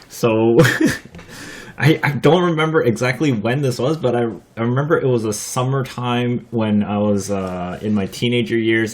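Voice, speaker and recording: A young man hosting a casual vlog, telling a story with frequent laughter, swearing and lots of fillers. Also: on the low side. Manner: laughs often while talking, swears freely; rambling, filler-heavy delivery. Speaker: vlogger.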